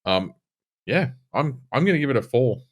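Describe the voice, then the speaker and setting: A man's voice: medium pitch, very animated, moderate pace. An Australian man co-hosting a casual beer podcast, swearing freely and laughing often. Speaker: podcast co-host.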